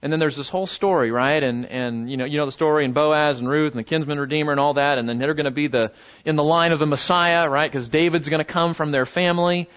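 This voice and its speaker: A pastor preaching a sermon in a conversational way, with many fillers and repeated words, and sudden high jumps in pitch when he quotes someone. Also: fairly even intonation, quick pace, a bit bright, lo-fi sound. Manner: voices biblical figures with sudden pitch jumps.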